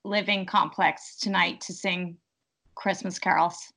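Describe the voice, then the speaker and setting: A woman co-hosting a podcast in casual chat, brisk and upbeat as she prompts the others. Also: on the low side, steady tone, pushed and bright. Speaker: podcast co-host.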